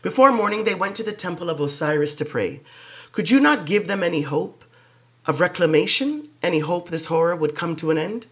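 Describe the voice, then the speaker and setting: A man's voice: high-pitched, animated, a bit bright. A man voicing a gaunt, frightened steward who speaks wearily and hesitantly, on a dull lo-fi recording. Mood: grave. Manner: weary, hesitant, slow.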